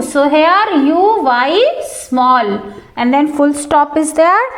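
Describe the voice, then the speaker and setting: A woman's voice: high voice, lively intonation, slow, reverberant. A woman teacher, explaining a textbook lesson to students step by step and often addressing them directly.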